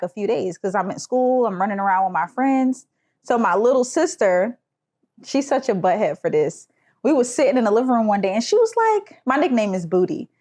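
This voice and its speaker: Brief: young woman co-host, lively storyteller, very expressive pitch. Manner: animated storyteller who does voices. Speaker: podcast co-host. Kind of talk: casual chat.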